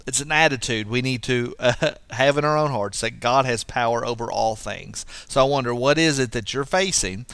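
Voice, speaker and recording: A man giving a devotional Bible teaching in an earnest, lively way, acting out the quoted lines. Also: moderate pace, clean tone, dry recording. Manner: earnest, lively, acts out quotes with rising pitch. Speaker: preacher.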